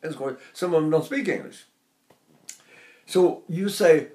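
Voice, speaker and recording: A man's voice: on the high side, expressive, normal speed, darkish tone. An older man teaching singing, talking in a rambling, anecdotal way and breaking off to demonstrate sounds. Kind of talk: spoken singing lesson.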